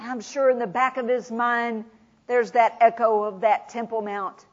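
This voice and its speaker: A woman preaching a sermon, retelling scripture dramatically, swinging from loud proclamation to hushed whispers. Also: a little high, steady tone, a little slow. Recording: dull lo-fi recording.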